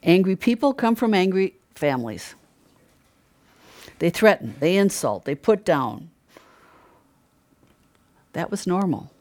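A woman's voice: on the low side, big pitch swings, slow, pauses often, a little mellow. An older woman preaching a conversational sermon, chatty, asking rhetorical questions and laughing often.

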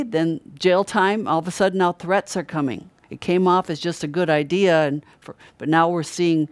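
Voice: mid-range voice, dry recording. A middle-aged preacher giving an earnest, conversational sermon and stressing key words by repeating them. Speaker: Christian preacher.

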